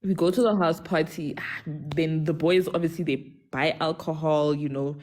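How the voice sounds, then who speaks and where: A young South African woman telling a personal story on a live call, animated, code-switching between English and a local language. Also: sits low, normal speed. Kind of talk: casual storytelling on a live stream.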